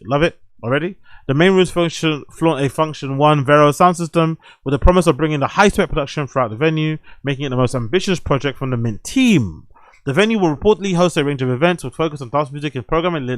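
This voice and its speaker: A young man with a fairly high voice hosts a casual show, reading news items aloud and breaking off into excited, profane reactions. The sound is dry and close, with no room around it. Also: no echo. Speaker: host.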